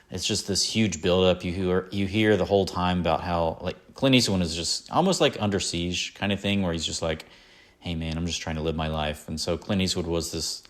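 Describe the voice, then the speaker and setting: Deep-voiced man chatting casually. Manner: rambling, with many fillers and self-corrections. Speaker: podcast host. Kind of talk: casual chat.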